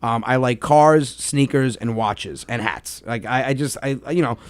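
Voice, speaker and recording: A man, hosting a comedic podcast and rambling in an animated way, repeating words when excited. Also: mid-range voice, unhurried, no echo. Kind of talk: casual comedic chat with a caller.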